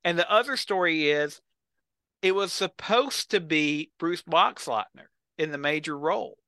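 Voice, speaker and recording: A man's voice: on the high side, unhurried, pushed and bright, smooth, dry recording. A man on a podcast, telling a story with enthusiasm and acting out the quotes. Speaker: podcast co-host. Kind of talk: casual chat.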